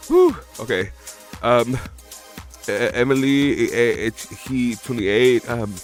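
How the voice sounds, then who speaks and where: During a live watch-along reaction stream, a man with a medium-pitched, sing-song voice speaks slowly over faint background music. Emotional and teary from crying, he rambles while reading out follower names.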